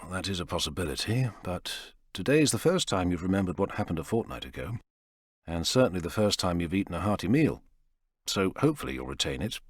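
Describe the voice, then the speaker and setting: A calm, enigmatic doctor, played by a male narrator with a very deep, low voice. He speaks in a clinical, understated way, softer than the narration. It sounds close and dry. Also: a little fast, slightly rough, no echo, full character voice. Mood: persuasive.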